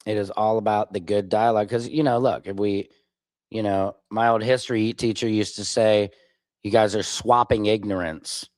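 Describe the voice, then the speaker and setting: A man's voice: lowish voice, steady tone, normal speed, darkish tone, no room sound. A man from Minneapolis hosting a livestream, reacting to clips and answering chat comments in an informal, argumentative way. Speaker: livestream host.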